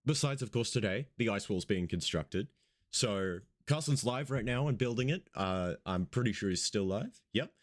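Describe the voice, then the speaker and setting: A man hosts an online radio show in a loose, rambling way, dropping casual swears between news items. He sounds like he just woke up. His voice sits a bit low. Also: animated, moderate pace.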